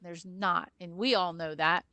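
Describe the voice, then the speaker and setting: A woman co-hosting a film discussion who explains her views at length and with conviction. Her voice is lowish for a woman and recorded close and dry. She talks in a casual, conversational way. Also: fairly even intonation, measured pace, pushed and bright, dry recording. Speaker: film podcast co-host. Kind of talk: casual chat.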